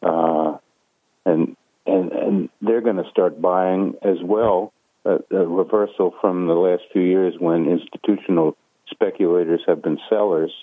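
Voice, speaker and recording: A man giving a measured phone interview as a guest analyst, pausing often with fillers. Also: low voice, fairly even intonation, no echo. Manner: measured, hesitant with many fillers. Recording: tinny phone line.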